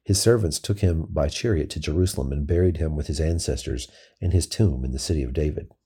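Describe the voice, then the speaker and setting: A man reading scripture aloud in a steady, measured way. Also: rumbling low, breathy edge. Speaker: scripture reader.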